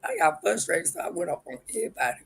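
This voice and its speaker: Man, live stream host, rambling casual talk, gravelly, husky, fairly high voice. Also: huge pitch swings, fast talker, rough recording. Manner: rambling, chuckling, talks straight to viewers.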